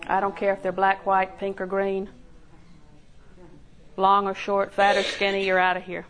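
An older woman preaches at a normal speed in a mid-range, slightly bright voice with a completely flat delivery, captured in a rough recording. Her sermon uses folksy, homey stories, with little acted-out quotes and laughter.

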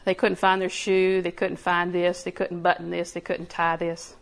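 A woman's voice: fairly low pitch, monotone, normal speed, gravelly. A woman preaching a sermon in a conversational way, laughing often and building emphasis.

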